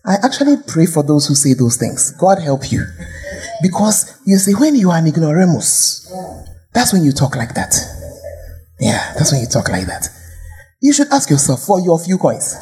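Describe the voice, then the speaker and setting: A woman's voice: low voice, big pitch swings, normal speed, mellow. A woman pastor with a Ghanaian accent preaching a sermon, firing rhetorical questions and sometimes dropping to a whisper.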